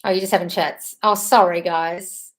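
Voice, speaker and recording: A woman's voice: lowish voice, steady tone, normal speed. A woman hosting a casual live stream, chatting in a scattered, apologetic way while answering viewer comments.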